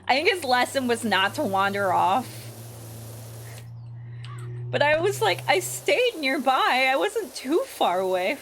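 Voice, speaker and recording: A young woman with a Midwestern American accent tells a story to her stream while gaming, at a measured pace with frequent pauses. She's lively and jumps high in pitch when exasperated, over slight background noise in a low-quality recording.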